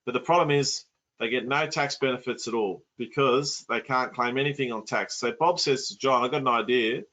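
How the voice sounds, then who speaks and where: A man's voice: medium pitch, moderate pace, fairly bright tone. A man coaching property investment in an online masterclass, blunt and colloquial.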